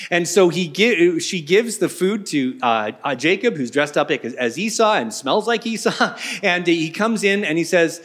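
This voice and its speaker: A man's voice: on the high side, expressive, normal speed. A man preaching a casual sermon as a pastor, telling the story in a chatty way with joking asides.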